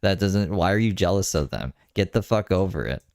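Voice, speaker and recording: A man's voice: low voice, lively intonation, brisk, darkish tone, no echo. A man hosting a reaction video, scolding with sarcastic, profane remarks. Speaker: host reacting to a clip. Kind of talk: reaction commentary.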